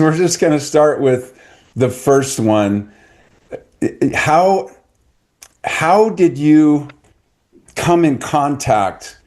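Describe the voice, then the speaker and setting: A man's voice: medium pitch, a little mellow. A middle-aged man hosting a podcast, chatting casually with an eager, salesy enthusiasm. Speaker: podcast host. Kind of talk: casual online talk.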